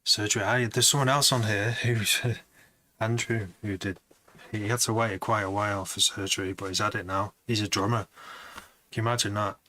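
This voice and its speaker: A man's voice: on the low side, steady tone, moderate pace, pushed and bright, slight background noise. A man producing music on a live stream, chatting to viewers in a rambling, casual way.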